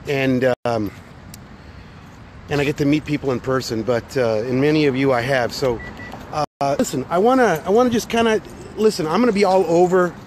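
A man's voice: on the high side, slight background noise. A middle-aged man, out of breath after a workout, talking bluntly and energetically from his car into a phone on a live stream, with lots of fillers. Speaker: motivational business speaker. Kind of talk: casual live-stream talk.

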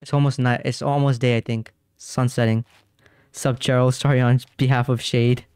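A man's voice: mid-range voice, flat delivery, normal speed, darkish tone, smooth, no room sound. A young man streaming a game and talking casually to his chat, jumpy and rambling, often repeating himself when he gets scared. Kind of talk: casual gaming commentary to chat. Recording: dry close mic, faint game music.

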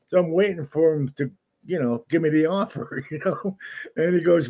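A man in his seventies, a guest actor telling relaxed stories in casual chat. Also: on the high side, brisk, slightly rough.

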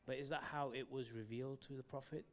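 A man's voice: mid-range voice, steady tone, fast talker, slight background noise. Hesitant man asking a question. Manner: hesitant, with fillers and restarts. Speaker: audience member asking a question.

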